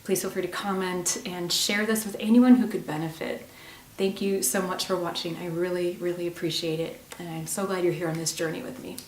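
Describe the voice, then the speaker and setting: A woman hosting a self-help video, talking warmly and encouragingly straight to the viewer. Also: fairly low pitch, fairly even intonation, a little fast, echoey room, recorded from a distance, a little hiss or hum. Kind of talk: gentle spoken self-help talk.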